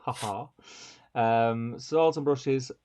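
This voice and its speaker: A man's voice: mid-range voice, slow, a little mellow. Guy reading out chat comments on a stream, laughy and chatty, kinda dull lo-fi audio. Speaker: co-host reading viewer comments. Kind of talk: casual live-stream chat.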